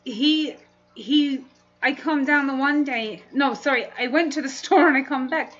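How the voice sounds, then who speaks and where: A woman's voice: sits high, measured pace, a bit bright, muffled recording. A woman hosting a casual livestream, chatting and laughing often as she reads comments aloud. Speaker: livestream host.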